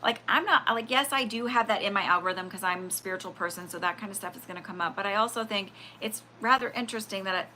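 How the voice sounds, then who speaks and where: A woman with a bright, clear voice chats casually on her own livestream, rambling through her thoughts with plenty of fillers. A faint hum of noise sits behind her. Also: mid-range voice. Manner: rambling, animated, full of fillers and acted-out quotes. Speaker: livestream spiritual reader.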